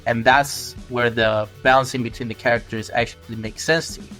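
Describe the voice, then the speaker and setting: A man co-hosting a casual podcast who works through an idea slowly and thoughtfully. He restarts sentences as he goes, in a middle-pitched voice. Faint music plays underneath. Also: steady tone, a bit bright.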